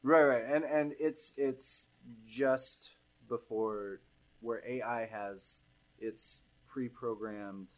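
A man's voice: medium pitch, steady tone, takes it slowly, low-quality recording. A man co-hosting a podcast, explaining his view with frequent restarts. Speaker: podcast co-host. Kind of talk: casual chat.

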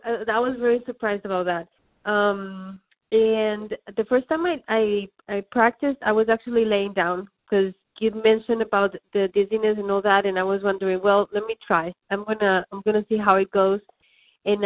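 A woman's voice: mid-range voice, no room sound. A woman student chatting about her practice, hesitant and full of fillers. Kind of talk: casual chat on a phone call. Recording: tinny phone line, dry.

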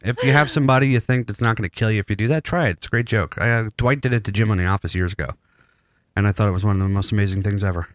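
Rambling low-voiced man telling stories. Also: very fast, dry recording. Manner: rambling, storytelling with crude jokes. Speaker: podcast host. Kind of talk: casual chat.

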